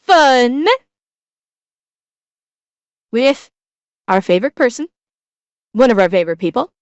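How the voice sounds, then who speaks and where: A woman's voice: a little high, expressive, slow, clear, resonant tone, no room sound, highs cut off. Chatty Midwestern American woman streamer. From Chicago, USA. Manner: chatty, bantering with chat. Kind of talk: casual reaction stream talk.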